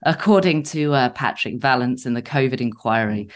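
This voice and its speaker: Woman with a cold, deep and phlegmy. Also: normal speed. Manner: frequent fillers, chatty and self-mocking. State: has a cold, bunged up. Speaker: radio talk show co-host. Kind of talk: opinionated live radio talk.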